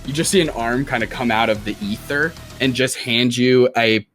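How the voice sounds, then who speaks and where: A man's voice: medium pitch, moderate pace, fairly bright tone, faint music behind. A young man narrating a tabletop game as dungeon master, loose and casual. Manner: loose, casual, many fillers.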